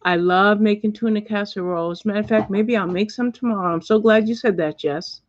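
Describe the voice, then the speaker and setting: A middle-aged woman hosting a casual livestream, chatting and reading viewer comments out loud at home. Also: mid-range voice, brisk, no echo. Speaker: livestream host. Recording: dull lo-fi dry sound.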